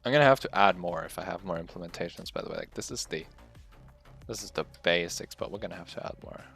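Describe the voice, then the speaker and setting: A man's voice: sits low, fast talker, gravelly, a bit bright, husky, faint music behind. A man streaming live while coding, muttering, swearing and laughing at his own frustration. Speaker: livestreaming game developer.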